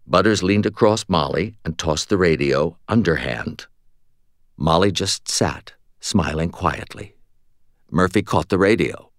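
Deep male narrator, lively expressive delivery, dry close studio sound. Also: a little slow, dry recording. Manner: wry, expressive character reading. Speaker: audiobook narrator. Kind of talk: scripted narration.

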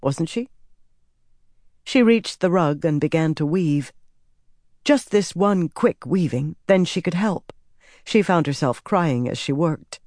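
This is scripted audiobook narration by a woman whose voice sits low. Her reading is measured and expressive, and the studio-quality recording carries no room sound.

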